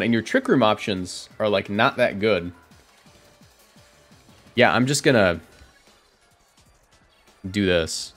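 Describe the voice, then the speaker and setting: A man giving casual, chatty commentary on his own competitive matches from a home streaming setup, often correcting himself and reacting out loud. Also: fairly low pitch, sing-song, measured pace, long pauses, soft background music.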